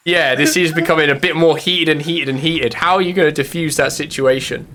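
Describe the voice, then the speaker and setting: A man's voice: on the high side, steady tone, brisk, few pauses, sharp tone. Man running a tabletop game. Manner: hesitant, many fillers. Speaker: game master.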